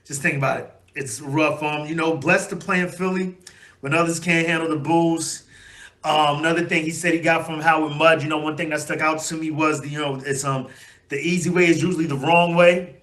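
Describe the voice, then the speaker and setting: A man hosting his own fan channel, talking in rambling, heartfelt commentary with lots of fillers and sudden excited outbursts. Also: fairly high pitch, brisk. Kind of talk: emotional solo fan commentary.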